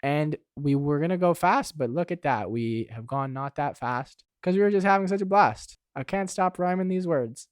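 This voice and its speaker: A man co-hosting a podcast, talking in playful comedic chat with a theatrical, drawn-out teasing delivery. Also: a little high, expressive, smooth, dry recording, studio quality. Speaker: podcast co-host.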